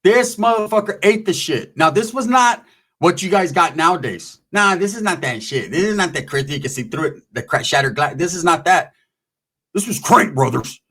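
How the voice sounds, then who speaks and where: A man's voice: high voice, animated, normal speed, a bit bright, husky. A man casually telling a long, profane story, acting out the voices of the people in it. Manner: profane, rambling, acts out voices.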